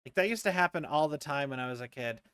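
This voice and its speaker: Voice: medium pitch, animated, quick pace, a bit bright, clear, resonant tone, dry recording, clean studio sound. A streamer chatting casually and rambling while playing a game at a home setup. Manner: rambling, joking aside-talk. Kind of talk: casual gameplay chat.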